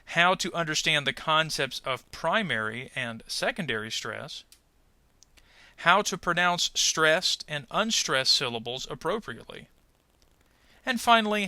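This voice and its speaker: Lively, bright-voiced male pronunciation teacher. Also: a little high, no room sound. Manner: clear, deliberate, over-articulates example words. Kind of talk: scripted lesson voice-over.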